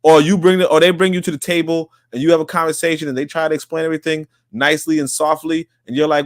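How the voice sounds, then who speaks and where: A man's voice: a little high, steady tone, quick pace, hardly any pauses, no room sound, studio quality. A man talking as a podcast guest in casual debate, rambling, repeating himself and swearing.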